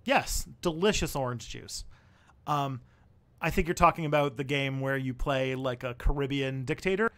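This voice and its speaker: A man's voice: medium pitch, moderate pace. A young man hosting a casual livestream, answering viewer questions in a rambling way, thinking aloud with fillers and restarts.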